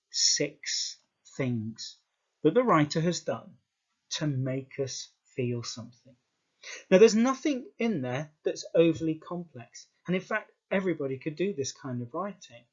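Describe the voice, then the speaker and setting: A male British English teacher walks through an exam lesson at a very slow, deliberate pace, leaning on repeated words for emphasis. His voice sits a little high for a man. The recording sounds dull and lo-fi. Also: expressive, husky.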